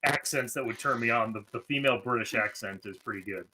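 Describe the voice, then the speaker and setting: A man in a casual chat, animated and quick to laugh. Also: medium pitch. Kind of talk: casual banter. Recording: noisy background.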